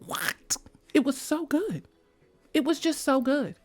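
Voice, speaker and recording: A woman chatting casually as a vlogger, gushing about a film in slangy talk, switching between high mock voices and soft whispers. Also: measured pace, faint music behind. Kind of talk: casual chat.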